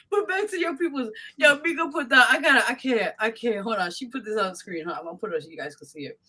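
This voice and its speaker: Bright, lively woman hosting a live show. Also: on the high side, quick pace. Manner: laughs a lot, reads out chat comments. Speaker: radio show host. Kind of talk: casual live show chat.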